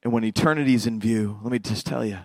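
A middle-aged man preaching a sermon as a pastor, swinging between loud fervent passages and quiet hushed ones. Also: mid-range voice, fast talker, gravelly, no echo.

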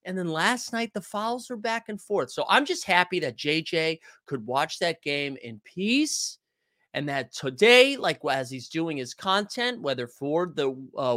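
A young adult man hosting a casual basketball live stream, talking loud and animated and answering the chat. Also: on the high side, no room sound, clean studio sound. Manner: loud, animated, yells often; reads and answers chat comments.

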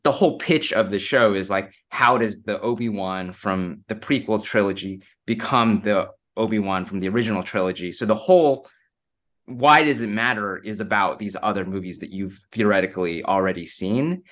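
Deep-voiced man in casual chat. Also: moderate pace, fairly bright tone. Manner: thoughtful, explains at length with restarts.

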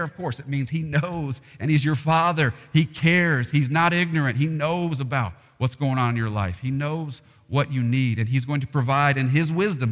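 A pastor preaching a sermon, earnest and plain, with voice rising into animated impressions. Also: male voice, medium pitch, in a large hall.

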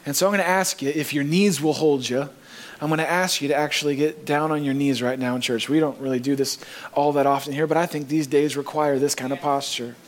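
Man preaching a sermon, higher voice. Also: fairly even intonation, brisk. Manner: earnest preaching, rising emphasis on key phrases. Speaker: pastor. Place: church.

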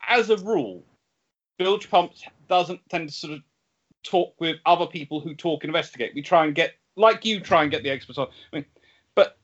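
A man's voice: sits high, a bit bright, lo-fi sound. A man co-hosting a podcast, rambling in casual chat and often restarting his sentences. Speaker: podcast co-host.

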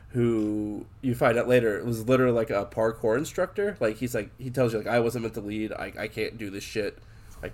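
A man's voice: mid-range voice, a little mellow. A man chatting casually about a video game, rambling with lots of fillers and restarts and swearing freely.

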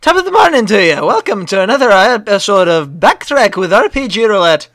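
A man's voice: high-pitched, very animated, a bit bright, dry recording, studio quality. A man putting on a hammy fake Irish brogue. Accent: mock Irish. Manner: hammy, sing-song, deliberately bad accent.

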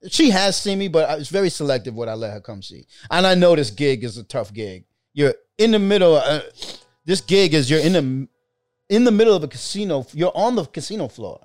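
A male comedian tells a story in loose podcast banter, his voice swinging up and down with plenty of life. The tone is smooth and clear, pitched a bit above the usual for a man, and the sound is dry and close with no room around it. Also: brisk, dry recording. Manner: animated storytelling, swears freely. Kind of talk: casual podcast chat.

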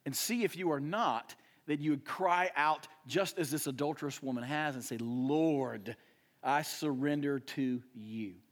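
A young adult male pastor preaching a sermon, swinging between loud emphatic rises and hushed, quiet drops. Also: fairly high pitch, a little slow.

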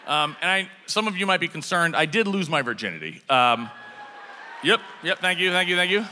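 A man with a bright, fairly high voice tells a comic story on stage, swinging his pitch all over as he acts out the scene. His voice rings with a long reverb from a large hall. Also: fairly quick, a little hiss or hum. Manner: animated, acts out shouted dialogue. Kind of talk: live comedic storytelling.

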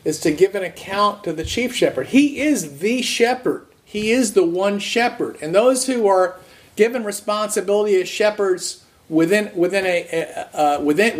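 A man preaching an earnest sermon, restarting phrases and slowing to stress key words. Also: high-pitched. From raised Roman Catholic.

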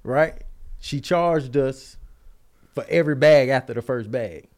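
Brief: man in his forties, podcast co-host, casual storyteller who plays out the other people in his stories, middle-pitched voice. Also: a little slow. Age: 40s. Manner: animated, acts out others' lines in his stories.

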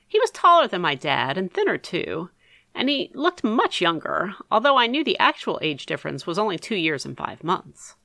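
A woman giving expressive first-person storybook narration for an audiobook. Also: lowish voice, moderate pace, creaky, no echo, clean studio sound. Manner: expressive, animated.

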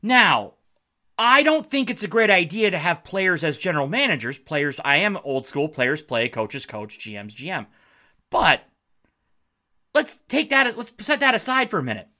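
Blunt podcast guy, bright voice that goes all over the place, swears a lot. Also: high voice, moderate pace. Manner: animated, blunt, swears freely, acts out quotes. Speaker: podcast host. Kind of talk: casual sports commentary.

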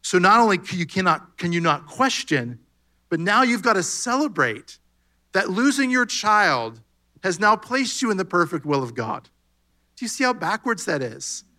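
A man preaching with a bright, forceful voice that sits a little high for a man. He talks conversationally and acts out short bits of dialogue as he makes his point. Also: sing-song, moderate pace. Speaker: pastor. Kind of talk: sermon.

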